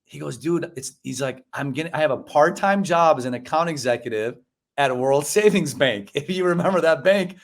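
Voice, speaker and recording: Animated man telling a story. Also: fairly high pitch, a little fast. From United States (Chicago). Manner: animated storyteller, acts out quoted dialogue, says "bro" and "man". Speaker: podcast guest. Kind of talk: storytelling in a casual interview.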